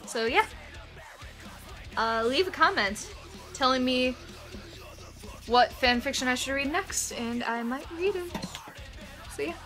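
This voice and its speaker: Young female vlogger, bright and slightly high, reads aloud casually with sarcastic, giggly asides. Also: expressive, takes it slowly, pauses often, soft background music. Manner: giggly, sarcastic asides between read passages. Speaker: YouTuber reading fan fiction. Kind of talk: casual reading aloud with commentary.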